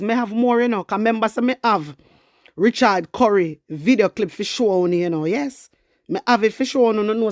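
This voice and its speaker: A woman's voice: on the high side, no echo, studio quality. A Jamaican woman giving emphatic political commentary to her viewers in heavy patois, repeating her points for effect. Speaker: online commentator.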